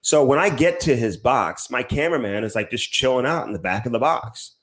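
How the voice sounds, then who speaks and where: Man, podcast co-host, casual storytelling, rambling, swears a lot, mid-pitched voice. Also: lively intonation, fairly quick, a bit bright. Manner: rambling and profane, heavy on fillers like "whatever". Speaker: podcast co-host and TV hockey reporter.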